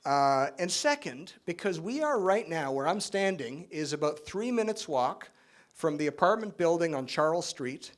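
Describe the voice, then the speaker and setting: A middle-aged man gives a keynote speech at an awards event. His voice sits a little on the high side, and he talks in a relaxed, conversational way. He fills pauses with um and often adds right, with the odd joking aside. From Spain, raised in Canada. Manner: frequent fillers and tag questions. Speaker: keynote speaker.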